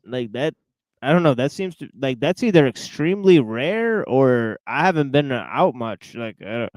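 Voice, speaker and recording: A man's voice: medium pitch, very animated, normal speed, a little mellow, no echo. A man hosting a podcast in casual chat, hesitant and full of fillers, sounding incredulous. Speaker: podcast host.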